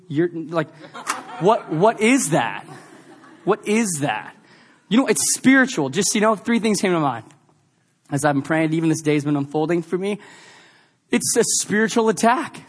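A man's voice: on the high side, expressive, unhurried. A male pastor preaching a sermon, emphatic and repetitive, then slipping into a confiding personal story. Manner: emphatic, repeats lines, shifts to confiding storytelling.

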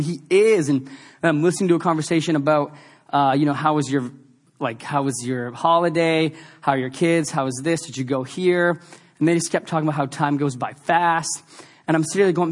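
Male pastor, high voice, emphatic sermon delivery with repeated lines and a chatty story mode.

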